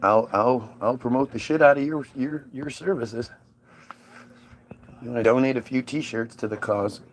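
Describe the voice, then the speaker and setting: A man's voice: medium pitch, moderate pace, slight background noise. A man hosting his own livestream, musing aloud in a casual, rambling and sarcastic way from home. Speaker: livestream host.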